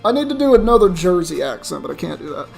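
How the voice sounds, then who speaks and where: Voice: mid-range voice, very animated, fast talker, creaky, soft background music. A young adult streamer giving rambling, casual commentary while playing a game, swearing now and then. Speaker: streamer playing a Pokemon challenge run. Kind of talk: casual let's-play commentary.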